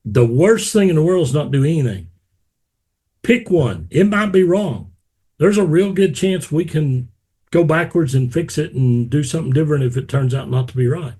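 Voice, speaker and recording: A man's voice: mid-range voice, husky. A man hosting an interview podcast, chatting casually and acting out the voices in his stories. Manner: animated storyteller, acts out quotes. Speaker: podcast host.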